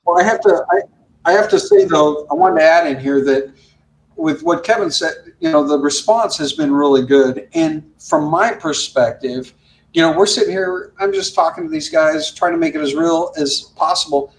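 A man, a guest who works as a virtual air traffic controller, telling animated stories and acting out radio calls. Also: on the high side, moderate pace, rough recording. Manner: lively storyteller who acts out radio calls.

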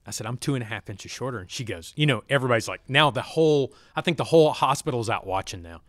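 A man's voice: medium pitch, expressive, quick pace, a bit bright, no room sound. A man telling his story as a podcast guest, acting out quoted dialogue. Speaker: podcast guest, former fighter pilot. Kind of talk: storytelling interview. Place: studio. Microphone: studio mic.

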